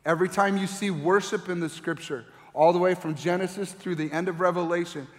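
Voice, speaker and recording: Middle-aged male pastor, high voice, lively storytelling sermon, echoing hall. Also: brisk. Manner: animated storyteller, acts out voices. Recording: long reverb of a large hall.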